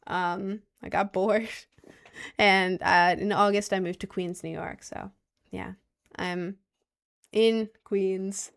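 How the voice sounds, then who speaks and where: A woman's voice: mid-range voice, fairly even intonation, slow, vocal fry, clean tone. A young woman hosting a casual livestream, answering her chat in a rambling, giggly way and often repeating herself. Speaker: livestream host reading chat.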